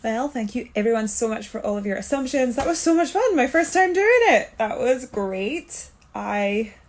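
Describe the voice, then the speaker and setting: A woman with a Scottish accent answering fan questions in a casual chat to her phone, sounding sleepy and low on energy, alone in a quarantine room. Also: expressive, moderate pace. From Scotland. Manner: chatty, tired, low energy. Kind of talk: casual Q&A to camera. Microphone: phone camera, self-recorded.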